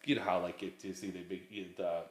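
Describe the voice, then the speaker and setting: In a casual chat, a man in his forties appears as a guest, telling rambling family stories and acting out the quotes. His voice sits low and his delivery is flat and fast, with a roomy sound.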